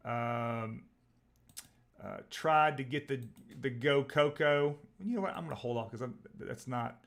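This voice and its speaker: Texas-born male stream host, excitable and rambling, live stock trading commentary. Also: medium pitch, a little slow, gravelly. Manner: rambling, excitable, reads out tickers.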